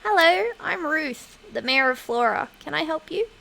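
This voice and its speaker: A woman voicing a polite small-town mayor in a video game, speaking in a careful, higher voice. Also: expressive, moderate pace, creaky, pushed and bright, heavily acted. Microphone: home desk microphone.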